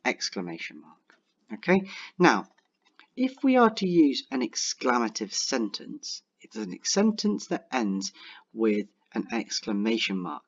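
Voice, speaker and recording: A young man teaching a writing lesson online, talking clearly and encouragingly and slowing down to dictate example sentences. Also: medium pitch, sing-song, highs cut off. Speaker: primary school teacher.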